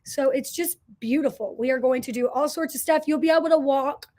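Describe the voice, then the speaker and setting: A woman's voice: sits high, brisk, a little mellow. A middle-aged woman from Indiana, a company president hosting a casual live question-and-answer stream, chatty and effusive as she greets viewers by name. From Indiana, USA.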